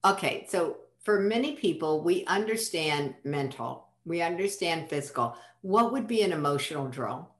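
Upbeat woman hosting a talk show, a bit low, roomy echo on her mic. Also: lively intonation, moderate pace, hardly any pauses. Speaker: host. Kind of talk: casual interview chat. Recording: echoey room.

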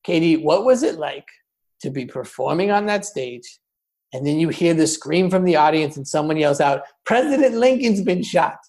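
Roast host trading mock insults. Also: male voice, moderate pace, a little mellow. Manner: mock-insulting, swinging between booming and muttered asides. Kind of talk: comedic roast banter.

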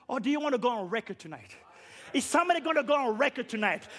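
A man preaching a fiery sermon, shouting repeated rhetorical questions and dropping to quiet low passages. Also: animated, very fast.

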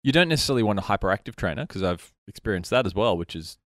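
A man hosting a casual podcast chat, rambling and animated, his voice sometimes trailing off into mutters. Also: on the low side, very fast, dry recording, clean studio sound. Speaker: podcast host. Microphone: studio mic.

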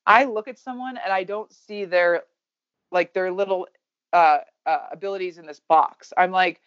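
Blunt, energetic woman in her thirties. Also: lowish voice, moderate pace, smooth, no echo, dull audio. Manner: energetic, blunt, swears casually. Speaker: guest, baseball coach. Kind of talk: candid podcast conversation.

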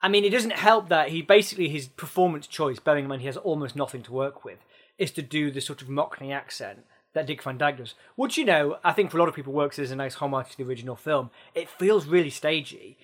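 A man's voice: a little high, quick pace. A man co-hosting a casual film chat, giving considered opinions in a thoughtful, hesitant way. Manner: thoughtful, hesitant, full of ums and restarts. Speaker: podcast co-host and film critic.

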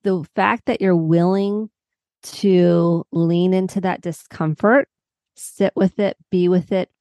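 A woman's voice: on the low side, steady tone, slow, warm tone, no echo. A middle-aged woman psychotherapist explaining coping steps as a podcast guest, walking through everyday examples. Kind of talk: podcast interview.

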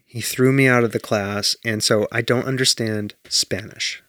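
A male podcast co-host chats casually, rambling through stories and cursing freely. His medium-pitched voice is steady, a bit bright and moderately paced, recorded with clean, dry studio sound.

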